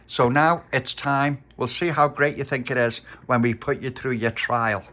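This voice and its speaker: A man's voice: mid-range voice, steady tone, moderate pace, pushed and bright, natural voice. A man voicing a bossy young boy who leads a gang and lays down the rules.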